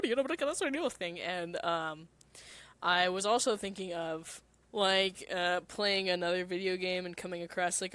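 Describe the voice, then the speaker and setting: A woman's voice: on the low side, fairly bright tone, dry recording. Woman streamer rambling casually, swears a bit, dry close sound. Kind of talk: casual solo chat.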